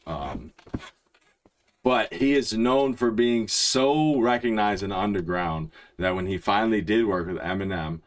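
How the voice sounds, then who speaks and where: Deep-voiced man rambling through a reaction. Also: a little slow. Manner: rambling, excited explaining with many restarts. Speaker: music reaction host. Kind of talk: casual reaction commentary.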